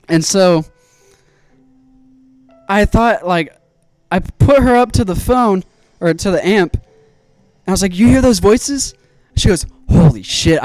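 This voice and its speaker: Brief: young male streamer, fairly high voice, animated and profane storyteller, faint lo-fi beat underneath. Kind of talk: casual story time on stream. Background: faint lo-fi music.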